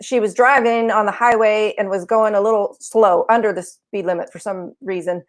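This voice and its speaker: A woman co-hosting a podcast, talking in a thoughtful, soft way in casual conversation. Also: medium pitch, steady tone, moderate pace. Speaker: podcast co-host.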